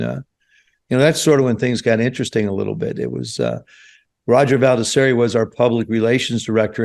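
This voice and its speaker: A gravelly, mid-range voice belongs to a New Jersey man in his seventies, a former quarterback appearing as a guest on a podcast. In this storytelling interview he animatedly acts out quoted voices, recorded on a podcast studio mic.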